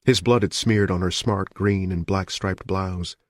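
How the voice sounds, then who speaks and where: A man narrating a thriller audiobook in a steady, measured way. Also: low-pitched, no echo, studio quality. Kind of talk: scripted narration.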